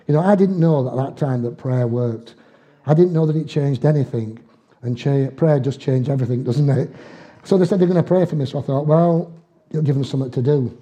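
A man's voice: medium pitch, a little fast, warm tone, dull audio. An older man preaching a sermon, telling homely stories in dialect with chuckles along the way. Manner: folksy storytelling with dialect and chuckles.

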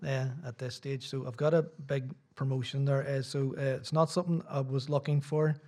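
A man's voice: mid-range voice, little pitch movement, normal speed, dark tone. A middle-aged Irish man, a visiting preacher, giving a sermon in a church with rambling, self-deprecating asides. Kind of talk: sermon with casual chat.

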